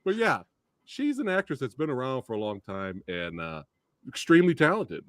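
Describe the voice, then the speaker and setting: A man hosting a casual movie discussion show, excitable and laughing often as he talks. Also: mid-range voice, normal speed, no echo, clean studio sound. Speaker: podcast host.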